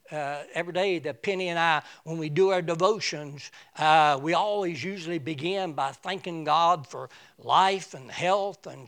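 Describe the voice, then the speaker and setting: A man's voice: high voice, a bit bright. A man preaching a folksy Baptist sermon, telling Bible stories with many fillers and acting out the scenes.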